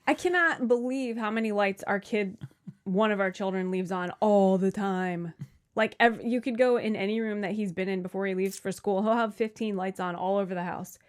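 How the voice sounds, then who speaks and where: A woman's voice: medium pitch, normal speed. Woman, forties, podcast co-host, casual chat, teasing, self-deprecating.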